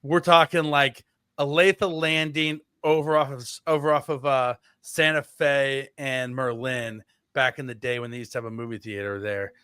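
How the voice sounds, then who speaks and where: A man's voice: mid-range voice, fairly even intonation, moderate pace, a bit bright, clean tone, no room sound, clean studio sound. A man co-hosting a casual sports podcast, rambling with lots of fillers and restarts. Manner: rambling, filler-heavy, self-correcting. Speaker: podcast co-host.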